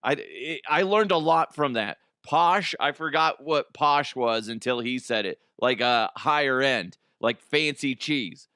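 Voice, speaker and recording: A man's voice: medium pitch, a little slow, few pauses, bright, forceful tone, clean tone, no echo, studio quality. A man hosting a comedy news show, reacting with swearing and laughter. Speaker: host.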